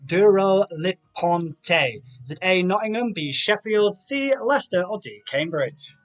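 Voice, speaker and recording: High-voiced man hosting a live quiz. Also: lively intonation, unhurried. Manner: reads multiple-choice options with chatty asides. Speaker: quiz host. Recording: dull lo-fi sound with faint music.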